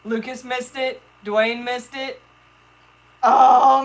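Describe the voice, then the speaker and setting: An excitable woman hosts a live stream, chatting with her viewers and talking to her fish. Her voice sits a little high. She talks casually and eagerly, as if to friends. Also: a little slow, rough recording.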